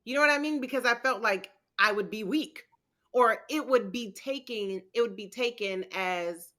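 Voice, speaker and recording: A woman's voice: fairly high pitch, moderate pace, sharp tone. A woman co-hosting a podcast in casual chat, blunt and tough-talking. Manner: blunt, tough-talking, acts out quoted remarks. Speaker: podcast co-host.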